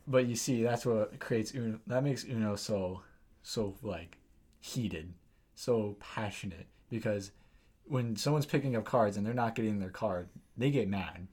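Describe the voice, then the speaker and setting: A man's voice: on the low side, a little slow, a little mellow. A teenage boy co-hosting a casual podcast chat, swearing a lot and acting out angry players. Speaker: podcast co-host.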